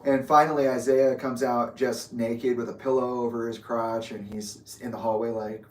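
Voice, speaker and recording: A man telling a story in casual talk, animated and profane, acting out what others said, recorded in an echoey room with the mic far off. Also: mid-range voice, moderate pace, hardly any pauses. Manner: profane, animated, acts out quoted speech. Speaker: guest storyteller.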